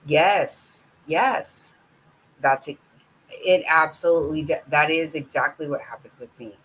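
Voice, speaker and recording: A woman's voice: sits low, measured pace, a bit bright, a little hiss or hum, low-quality recording. A middle-aged woman talking bluntly and candidly with her viewers in a casual live-stream chat. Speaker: vlogger chatting with viewers.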